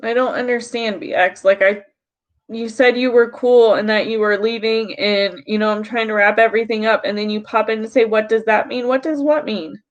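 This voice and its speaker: A woman's voice: on the high side, little pitch movement, a little fast. A woman streaming live to her chat, congested from crying and frustrated, talking through what happened. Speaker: YouTuber on a livestream. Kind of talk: emotional livestream talk to chat.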